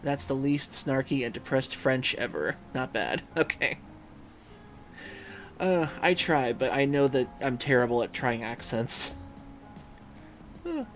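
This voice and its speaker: A man hosts a livestream in loose, casual chat. His voice moves all over the place in pitch as he reads out viewers' messages, humming and pausing to think. Soft music plays underneath. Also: lively intonation. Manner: musing, reads chat aloud, frequent hums and fillers. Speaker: livestream host.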